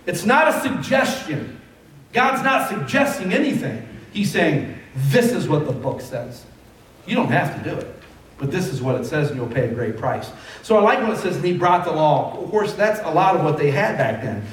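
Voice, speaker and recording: Male pastor, conversational sermon with emphatic calls, slightly high voice, distant mic in a reverberant sanctuary. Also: big pitch swings, fairly quick. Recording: echoey hall from far off.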